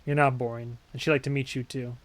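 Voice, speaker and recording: A man's voice: medium pitch, little pitch movement, fast talker, pitched below the performer's own voice, natural voice. A man voicing a laid-back, friendly young male raccoon detective in a game. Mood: easygoing.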